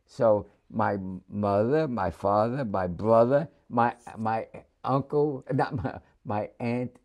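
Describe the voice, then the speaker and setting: An older man from New City, telling his war memories in an oral history interview with frequent chuckles and halting restarts. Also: on the low side, darkish tone. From New York City.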